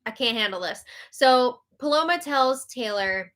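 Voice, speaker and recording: Bright, animated woman hosting a live recap. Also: on the high side, a little slow. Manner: animated, exasperated, reads viewer comments aloud. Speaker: host. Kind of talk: live reality-show recap chat.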